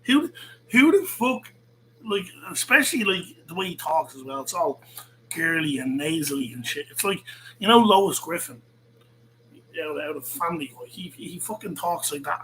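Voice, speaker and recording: A man hosting his own channel, reacting with laughter and free swearing in a mocking, casual commentary. His voice is bright and slightly high, with faint noise in the background. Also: sing-song, moderate pace, low-quality recording. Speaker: YouTube channel host.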